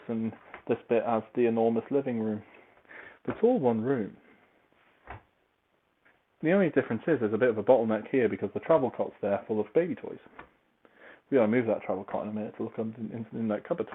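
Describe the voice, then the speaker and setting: A man talking in a casual, meandering, self-deprecating monologue while he moves about tidying his home. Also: lowish voice. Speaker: podcaster reviewing a book series. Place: at home, large open-plan room. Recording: tinny phone-like recording, faint noise.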